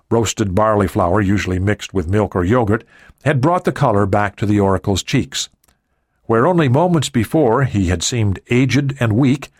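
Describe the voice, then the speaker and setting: A male audiobook narrator with a low voice reads in a steady, even way. The recording is dry and close, with no room sound. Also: no room sound. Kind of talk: scripted narration.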